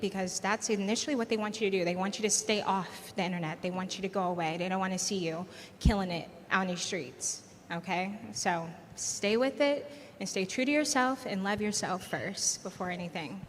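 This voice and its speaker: A woman streamer speaking on a live panel, animated and emphatic, giving encouragement. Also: medium pitch. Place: large event hall. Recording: hall reverb, faint noise.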